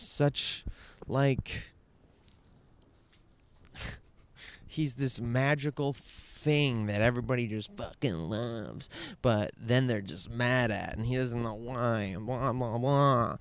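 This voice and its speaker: A man's voice: medium pitch, a little slow, clean tone. Rambling, profane man telling a story. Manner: rambling, profane, full of fillers and restarts. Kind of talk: candid personal storytelling.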